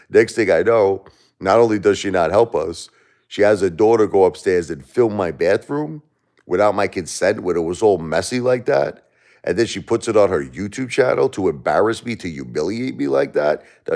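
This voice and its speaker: Man, Brooklyn accent, low voice, rambling casual chat, repeats himself. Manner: animated, rambling storyteller who repeats himself. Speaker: livestream host. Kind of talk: casual chat answering viewers.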